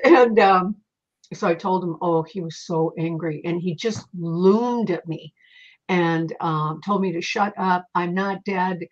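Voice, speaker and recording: A woman guest speaking as a psychic, telling lively stories in casual conversation and acting out the voices in them. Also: lowish voice, unhurried. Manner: animated, quotes voices in her stories. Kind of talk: conversational storytelling. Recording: muffled lo-fi audio.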